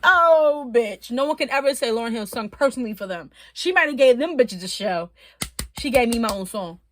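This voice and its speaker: A woman telling stories from her time in prison to her viewers in a casual, animated, profane way, laughing often and at times tearful. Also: on the high side, brisk, slight background noise. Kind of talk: casual storytelling.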